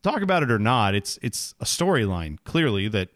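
A man co-hosting a sports podcast, chatting casually and getting animated when exasperated. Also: fairly low pitch, normal speed, dry recording, clean studio sound. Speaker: podcast co-host.

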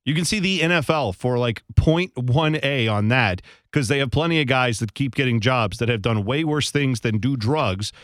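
A man's voice: mid-range voice, normal speed, hardly any pauses, fairly bright tone, dry recording, studio quality. A man co-hosting a podcast in casual chat, rambling and hedging as he talks. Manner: rambling, hedging, chuckles often. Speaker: podcast co-host.

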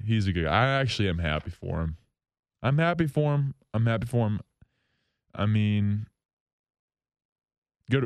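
A man hosting a solo hockey talk show from a station studio, rambling, excitable and jokingly bitter. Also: on the low side, clean tone, no echo. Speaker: hockey podcast host.

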